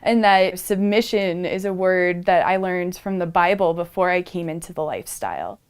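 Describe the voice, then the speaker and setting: A woman's voice: lowish voice, animated, normal speed, clean tone. A woman speaking candidly and reflectively in a documentary interview.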